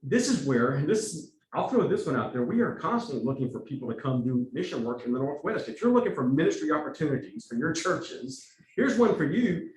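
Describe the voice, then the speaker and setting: A man with a Texas accent teaches a church workshop in a casual, conversational way, his pitch rising and falling a lot. He sounds set back from the microphone in an echoey meeting room, with a faint hum of ambience behind him. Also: a little fast, distant mic. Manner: conversational, with lively asides and acted-out quotes. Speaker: evangelism trainer.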